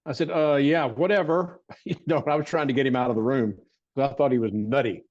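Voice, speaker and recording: An older man telling a personal story as an interview guest, with rambling restarts and frequent throat clearing. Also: medium pitch, fast talker, darkish tone, dull audio. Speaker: interview guest, martial arts teacher.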